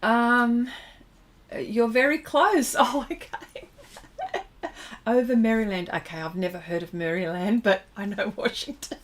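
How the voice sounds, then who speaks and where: A woman teaching a livestream painting demonstration, chatting with viewers as she works and pausing often to find her words. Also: a little high. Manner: chatty, reads and answers viewer comments while working; halting, many fillers and restarts. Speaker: art instructor.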